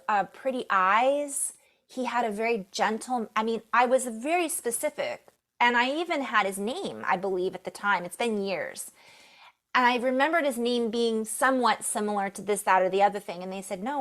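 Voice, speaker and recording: A middle-aged woman giving a spiritual reading, telling a story in a soft, emotional, meandering way. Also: a little high. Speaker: spiritual reader.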